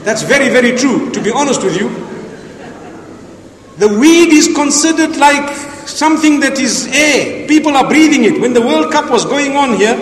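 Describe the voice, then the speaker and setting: A man preaching a sermon with passion, asking rhetorical questions and rising to shouts, with Arabic religious phrases mixed in. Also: very high voice, animated, moderate pace. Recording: echoey hall, voice from far off.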